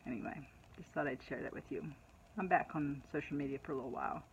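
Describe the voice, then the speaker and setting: A woman's voice: low-pitched, quick pace, dull audio, slight background noise. Chatty middle-aged woman telling a story. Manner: chatty and animated, laughs at her own story. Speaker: vlogger. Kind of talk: casual personal storytelling to camera.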